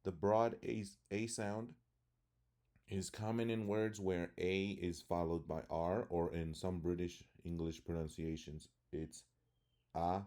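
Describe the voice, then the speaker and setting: A man with a low, dark, mellow voice teaches pronunciation at an unhurried pace. He reads out example words one at a time, each spoken deliberately, then explains the rule in a plain instructional tone. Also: level tone. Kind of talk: slow instructional explanation with word lists.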